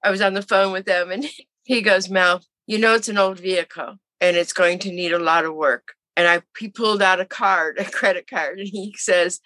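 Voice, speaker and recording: An interview guest in her seventies recounts her story casually, in a mid-range voice at a moderate pace, recorded dry. Animated throughout, she acts out the voices of the people she quotes.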